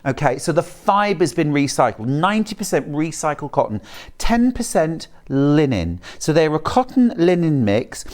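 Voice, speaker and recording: A chatty, jokey man with a British accent presents on a live shopping channel and reads out viewer messages between pitches. His pitch moves a lot, rising and falling through the sentences. He sounds like an easygoing salesman talking to his regular viewers. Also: sing-song, moderate pace, darkish tone.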